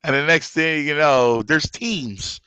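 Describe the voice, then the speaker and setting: A sports radio man with a bright, forceful voice speaks emphatically. He talks at a middle pitch, and the sound is dry and close with no room echo. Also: slow, clean tone. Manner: emphatic, egging the story on. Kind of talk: casual chat.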